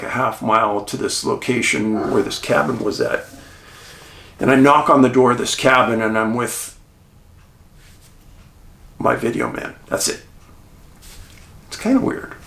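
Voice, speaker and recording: A man with a gravelly, mid-pitched voice recounts a documentary shoot in a relaxed, conversational way. His delivery is animated, with wide swings in pitch, chuckles and dramatic pauses. The room around him gives the voice a noticeable echo. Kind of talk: casual behind-the-scenes storytelling. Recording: roomy echo.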